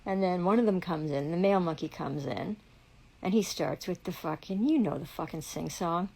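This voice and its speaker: A woman vents furiously on a live stream, swearing constantly as she rambles on. Her voice sits low and has a rough, gravelly edge. There is a husky breathiness to it as well. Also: normal speed, dark tone, low-quality recording. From Canada. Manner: heavily profane, indignant, rambling. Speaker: livestreamer. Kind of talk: angry live-stream rant.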